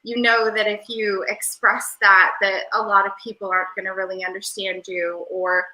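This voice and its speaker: Her pitch is medium and her tone level, moving at a normal pace with a pushed, bright sound. She's a woman guest in a casual interview over video call, rambling in an airy, Valley-girl manner with plenty of fillers. The recording has a roomy echo.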